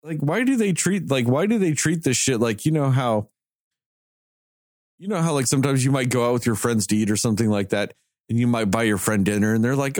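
A man's voice: medium pitch, brisk, no echo, studio quality. A man ranting in a casual chat, cursing freely and swinging his voice around as he complains. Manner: animated ranting, heavy swearing.

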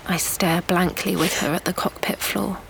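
A woman reading a first-person story aloud in a hushed, breathy half-whisper. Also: lowish voice, steady tone, normal speed, slight background noise. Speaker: audiobook narrator. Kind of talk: first-person dramatic narration.

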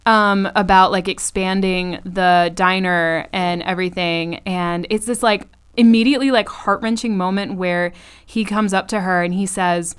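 Woman, podcast co-host, casual chat, smooth clear voice, profane animated recap. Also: mid-range voice, normal speed. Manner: animated, profane retelling with laughs.

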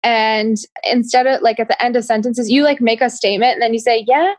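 A woman's voice: fairly high pitch, fairly even intonation, a little fast, dry recording. A young woman co-hosting a podcast, chatting casually with lots of "like" fillers and frequent giggles. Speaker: podcast co-host. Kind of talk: casual chat.

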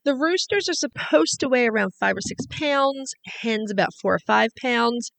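A woman co-hosting a casual podcast, explaining what she found in her research in an even, informative way. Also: a little high, moderate pace, gravelly. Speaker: podcast co-host. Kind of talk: casual chat.

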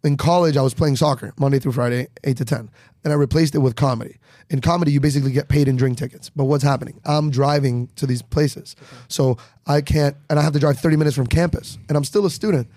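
A young man, a comedian, telling comic stories in a casual podcast chat and acting out quick voices. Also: mid-range voice, no room sound, clean studio sound. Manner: animated, acts out bits with quick quoted voices. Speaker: comedian guest.

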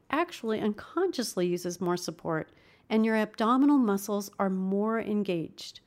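A woman leads a voice lesson with an upbeat, coaching manner. Her pitch sits in the middle range, and she demonstrates each exercise herself. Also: lively intonation, moderate pace, a little mellow. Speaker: voice teacher. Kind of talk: instructional video lesson.

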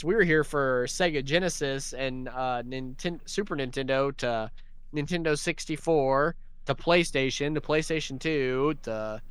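A man's voice: mid-range voice, a bit bright, smooth, dry recording. A man co-hosting a paranormal podcast in rambling, profane, joking chat. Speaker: podcast co-host. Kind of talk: casual chat.

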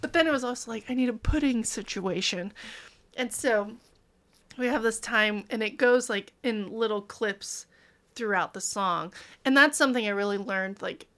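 A bubbly woman in her thirties chatting as a podcast guest, her voice sitting a little high. She laughs often and acts out the moments of her stories as she tells them. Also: moderate pace, fairly bright tone. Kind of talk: casual chat.

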